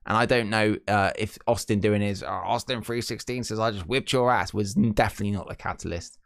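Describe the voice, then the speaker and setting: A man's voice: on the low side, fairly even intonation, fairly quick, vocal fry, dry recording, studio quality. A British man co-hosting a casual wrestling podcast, opinionated, ranting and repeating himself. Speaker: podcast co-host.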